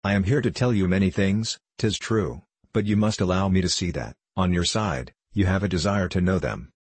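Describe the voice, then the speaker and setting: A man's voice: deep voice, normal speed, husky, no echo. A man voicing a scheming older bishop and former musketeer who speaks in a formal, pleading, courtly way.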